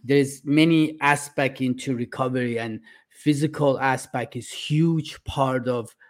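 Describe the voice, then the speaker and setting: Earnest man, halting speech. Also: mid-range voice, steady tone. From Iran. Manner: earnest, halting, with frequent "uh" fillers. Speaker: podcast guest. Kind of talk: casual interview talk.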